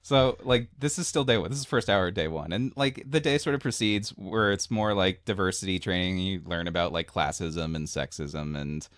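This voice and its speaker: A man with a deep, low voice recounts a story to friends in a loose, meandering way, leaning on filler words and chuckling at himself. The sound is dry and close, with no room around it. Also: moderate pace, few pauses, fairly bright tone, dry recording. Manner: rambling storyteller, filler-heavy, laughing asides. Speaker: podcast co-host. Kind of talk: casual chat.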